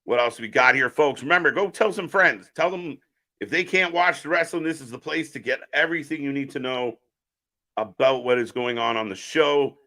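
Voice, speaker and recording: A man's voice: mid-range voice, moderate pace, pushed and bright. A man hosting a live stream, chatting casually as he calls the action and answers viewer chat. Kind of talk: casual live wrestling watch-along commentary.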